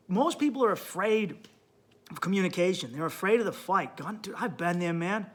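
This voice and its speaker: A man's voice: high voice, lively intonation, normal speed, breathy edge. A man hosting a podcast and giving blunt, profane relationship advice in an emphatic monologue. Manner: blunt, emphatic, swears a lot, swings up loud when worked up. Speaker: podcast host and comedian.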